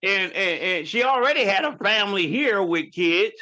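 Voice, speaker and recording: A man's voice: sits high, animated, normal speed, sharp tone. A man in his fifties with a New York accent, telling family stories in a rambling, casual way as a podcast guest. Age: 50s. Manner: storytelling, rambling with many restarts. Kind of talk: casual chat.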